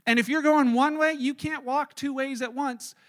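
A man preaching to his congregation in a very high, bright voice that carries plenty of force. He preaches in an animated way and slips into playful voices to act out everyday scenes. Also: moderate pace. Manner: animated, acts out everyday scenarios in little voices. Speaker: pastor. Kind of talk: sermon. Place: church service.

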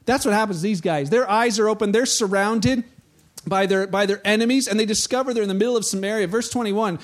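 A man preaching a conversational sermon, telling a story in an animated way and acting out the voices. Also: sits high, fast talker. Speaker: pastor.

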